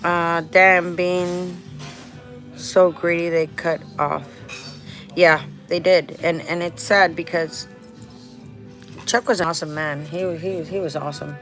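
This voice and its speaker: Low-voiced woman chatting in a vlog. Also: steady tone, takes it slowly, long pauses, a bit bright, faint music behind. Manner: rambling, restarts, laughs often, mixes in Spanish phrases. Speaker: vlogger. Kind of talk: casual vlog chat.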